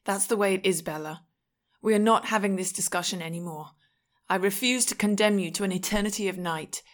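A soft-spoken young vampire man, steady and protective, with an easy mid-range voice that turns firm when he insists. a woman reads him out in an audiobook. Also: medium pitch, brisk, close to an everyday voice. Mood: calm firm. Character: gentle young male vampire, calm and firm. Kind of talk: scripted audiobook reading.

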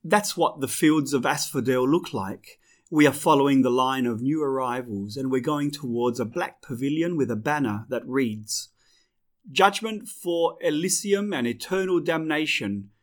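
A man giving slow, clear first-person scripted audiobook narration. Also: mid-range voice.

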